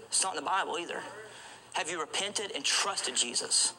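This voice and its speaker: High, bright-voiced urgent male preacher. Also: expressive, fairly quick, slight background noise, rough recording. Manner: urgent, repetitive, restarts often, asks rhetorical questions. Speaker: street evangelist preacher. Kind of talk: evangelistic sermon.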